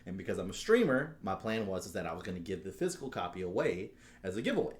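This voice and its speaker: A man co-hosting a podcast, telling a story as a fast, animated rant full of swearing. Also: low-pitched, slight background noise. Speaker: podcast co-host. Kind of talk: casual chat.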